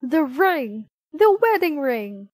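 Woman doing a panicky man yelling, loud and high. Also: very animated, slow pace, no room sound, exaggerated voice. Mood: panicked. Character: frantic man who lost the ring.

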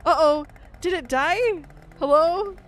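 A woman's voice: very high voice, slow. A woman game streamer on a live stream, giggly and overwhelmed as she thanks her viewers, swearing casually.

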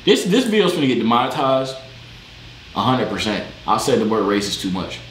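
A man jokes loudly with strangers on a video chat, his pitch bouncing all over and his tone bright and sharp. He talks in quick slang from his gaming room. The room sounds echoey, with a faint hiss behind him. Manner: loud, animated, joking, slangy. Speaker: vlogger chatting with strangers online.

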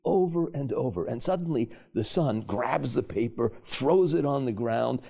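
Male panelist, reflective storyteller, lively swooping pitch, raspy edge. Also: normal speed, hardly any pauses. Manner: thoughtful, builds to emotional emphasis.

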